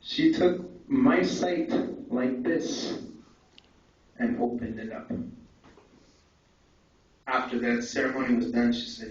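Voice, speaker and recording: A man's voice: medium pitch, takes it slowly, pauses often. A young man telling his life story to a conference audience, candid and conversational, with frequent tag questions like "eh" and "right". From Canada. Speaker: conference speaker. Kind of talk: personal testimony talk. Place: large echoey conference hall. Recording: echoey, distant, dull lo-fi hall recording.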